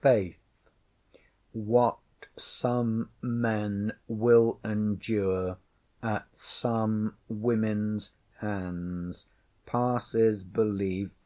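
Here a man's warm, fairly low voice stretches out its words over a mostly even intonation. He is voicing a haughty noblewoman, actually a queen in disguise, who teases proudly in archaic, wry language for an audiobook. The feel is regal and wry.

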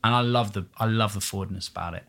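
A man's voice: lowish voice, fast talker. A man, a stage performer, chatting animatedly as a guest with many fillers. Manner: chatty and animated, full of fillers and quoted voices. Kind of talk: casual interview chat.

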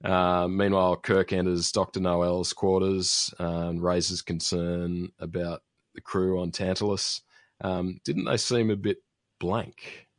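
A man's voice: deep voice, little pitch movement, slow pace, no echo, studio quality. A man casually recapping a TV episode as a podcast host, rambling with fillers and restarts. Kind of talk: casual chat.

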